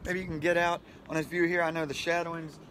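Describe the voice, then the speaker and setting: A man's voice: a little high, little pitch movement, fast talker, a bit bright, a little hiss or hum. A middle-aged man hosting a casual motivational vlog outdoors by the water, talking into a handheld phone in a friendly, rambling way with frequent chuckles. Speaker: vlog host. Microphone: handheld phone camera.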